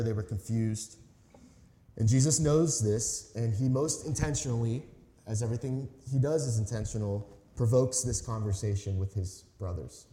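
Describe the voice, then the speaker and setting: Dark-voiced male pastor in an echoing hall. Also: mid-range voice. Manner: conversational storytelling, earnest emphasis. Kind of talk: sermon. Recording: echoey hall reverb.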